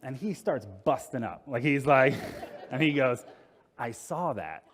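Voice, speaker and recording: Man, mid-pitched, telling a wry conference story; long hall reverb. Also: a little slow. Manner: casual and wry, with lots of fillers. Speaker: conference speaker. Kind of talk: storytelling talk.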